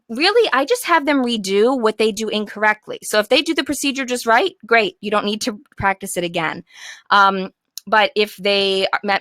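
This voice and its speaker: A bright-toned young woman coaches teachers in an upbeat, encouraging way, now and then slipping into the voice she uses with her class. The sound is close and dry, with no room around it. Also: medium pitch, no echo. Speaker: teacher trainer.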